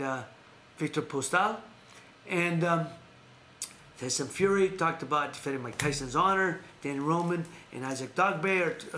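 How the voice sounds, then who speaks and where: A man's voice: fairly high pitch, pushed and bright. An American man hosting a casual boxing news chat, rambling along, repeating names and restarting his phrases. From United States. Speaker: host. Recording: echoey room with faint ambient noise.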